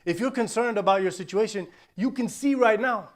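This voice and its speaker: A man serving as imam, giving a Friday sermon in an urgent, forceful manner and reciting Quran verses in Arabic. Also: sits high, a little fast.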